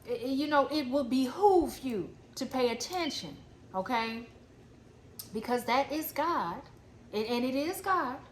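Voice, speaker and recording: This high, expressive female voice moves at a measured pace as a spiritual coach delivers a blunt, cursing, repetitive pep talk. Faint ambient noise and echo from the room are audible.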